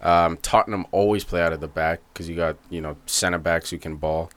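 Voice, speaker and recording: A young man on a casual soccer podcast with a somewhat low voice. He talks in animated bursts and slips into quick commentator impressions mid-story. His tone is loose and profane, like banter among friends. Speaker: podcast co-host.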